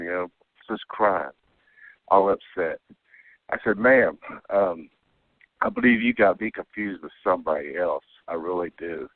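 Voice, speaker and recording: A man's voice: low voice, a little slow, pauses often, no room sound. A man calling in to tell a rambling personal story, checking in with "okay?" again and again. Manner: rambling, keeps adding "okay?". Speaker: caller telling an alien abduction story. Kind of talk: casual phone-in storytelling. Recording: tinny dry phone line.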